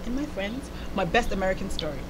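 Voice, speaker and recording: A woman's voice: mid-range voice, lively intonation, fast talker, background noise. A young woman with a Nigerian accent hosting a casual chat show, bubbly and laughing often as she tells stories. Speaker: host.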